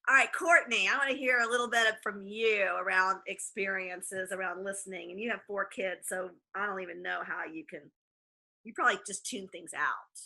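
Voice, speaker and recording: A woman's voice: medium pitch, steady tone, normal speed, pushed and bright. A woman leading a group coaching call, upbeat and encouraging as she talks and asks questions.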